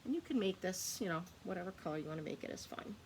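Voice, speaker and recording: A woman's voice: fairly low pitch, lively intonation, fast, background noise. A woman teaching a phonics lesson to young children, patiently sounding out words and answering her own questions. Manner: asks questions and answers them herself.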